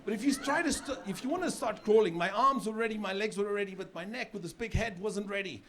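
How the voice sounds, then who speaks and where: A middle-aged man from South Africa doing a stand-up comedy set on stage, chatty and loose, with sudden shouted punchlines. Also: high-pitched, fast talker, noisy background. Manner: conversational, with filler repeats and sudden shouted punchlines. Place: comedy stage with a live audience. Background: audience laughter.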